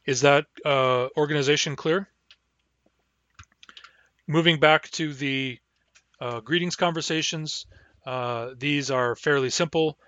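A man gives a recorded language lesson, speaking patiently and pausing often to model words slowly for learners to repeat. His voice has a bright, forward edge and sits close and dry on the mic with no room sound. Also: medium pitch, no echo. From Barclay Sound region, Canada. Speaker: language teacher.

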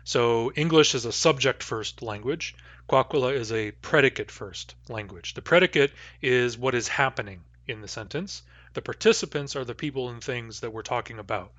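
Man, online lecture, halting and thoughtful, dry muffled call audio. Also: medium pitch, a bit bright, no room sound. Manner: thoughtful, halting with many fillers and restarts. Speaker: linguistics teacher.

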